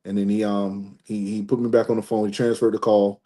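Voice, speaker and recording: Mellow low-voiced man telling a story. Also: fairly quick. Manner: animated storyteller, acts out dialogue, restarts often. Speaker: former college football player, guest. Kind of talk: casual storytelling interview.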